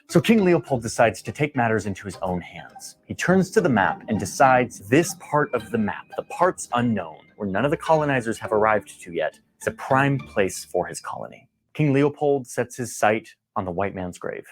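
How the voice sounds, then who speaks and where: A man's voice: medium pitch, expressive, normal speed, few pauses. A man narrating a history explainer in a casual, conversational way, with wry slangy asides and dramatic beats. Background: background music.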